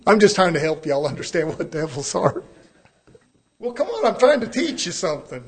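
A male preacher, delivering a church sermon in a folksy, emphatic way, chuckling and dropping to a low hush. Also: big pitch swings, normal speed.

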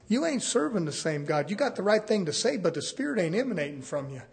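A man delivers a sermon in a high, husky voice. He talks in a folksy way and swings between quiet, intimate asides and loud, fervent climbs. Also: big pitch swings, fast talker. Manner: preaching with surges from hushed to shouting; folksy, uses "ain't". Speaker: preacher.

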